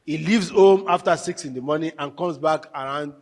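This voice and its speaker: At a workshop hall, a man gives a lively talk on marriage, telling stories and acting out both husband and wife. His voice sits on the high side with a darkish tone, and he speaks at a normal speed.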